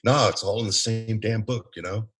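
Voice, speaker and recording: A man who is a veteran writer, a guest talking in an animated, emphatic way on a casual podcast. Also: lowish voice, normal speed, slightly rough.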